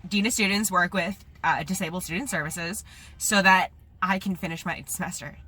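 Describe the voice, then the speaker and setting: A woman's voice: on the low side, normal speed, sharp tone. A young woman in her twenties venting on a vlog, angry and profane while holding back tears. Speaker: vlogger. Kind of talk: emotional vlog rant.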